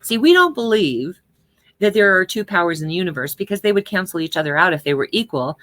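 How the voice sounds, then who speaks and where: Lady teaching about prayer, low-ish bright voice, keeps asking right? okay?. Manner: conversational, checks in with "right?" and "okay?". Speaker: spiritual teacher.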